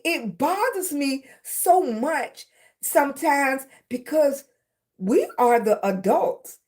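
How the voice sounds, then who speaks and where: Middle-aged woman livestreamer, slightly high voice, unhurried, emphatic, keeps asking her viewers "right?". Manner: emphatic, repeats phrases, asks "right?" and "okay?" often. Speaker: content creator. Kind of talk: casual livestream chat.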